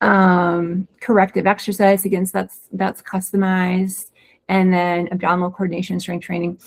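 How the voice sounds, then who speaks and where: A woman who is a pelvic floor physical therapist, co-hosting a webinar and explaining recovery in a quick, excited, casual way with many restarts. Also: fairly low pitch, gravelly. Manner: fast, excited talker with frequent restarts.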